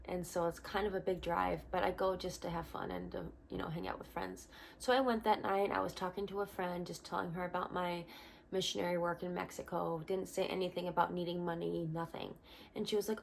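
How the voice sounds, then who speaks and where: A young woman, a missionary, telling her personal testimony in an earnest, animated vlog at home. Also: lowish voice, a little fast, creaky, slight background noise.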